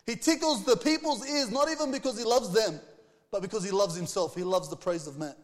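A man's voice: high voice, brisk, big-room sound. A man preaching a sermon, reading scripture aloud and putting earnest rhetorical questions to the congregation. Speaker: pastor.

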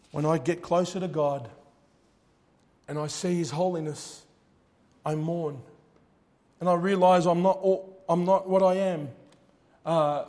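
A preacher with a notably high voice gives a fervent sermon, sinking to near-hushed tones before building to loud cries. He reads scripture in old-fashioned wording.

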